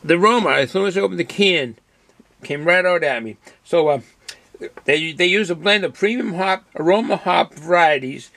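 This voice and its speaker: A man's voice: fairly high pitch, bright, forceful tone, dry recording. A man with a Boston accent reviewing a beer in casual, rambling talk with many fillers and restarts.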